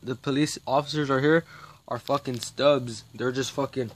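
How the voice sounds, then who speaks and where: A man's voice: medium pitch, fairly even intonation, moderate pace, a little hiss or hum. Man ranting, profane and rambling. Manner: profane, agitated, rambling with frequent restarts. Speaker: vlogger. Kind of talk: rambling monologue rant.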